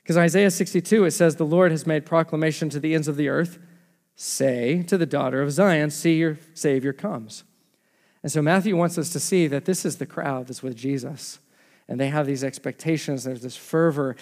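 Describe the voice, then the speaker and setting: A man in his thirties, a pastor giving a lively, conversational sermon full of rhetorical questions. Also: a little high, normal speed. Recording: reverberant hall sound.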